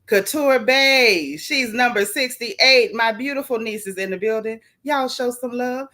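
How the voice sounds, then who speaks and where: A woman hosting a casual gossip livestream, chatty and animated, greeting viewers from the chat with swooping, playful emphasis. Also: on the high side, unhurried, faint music behind.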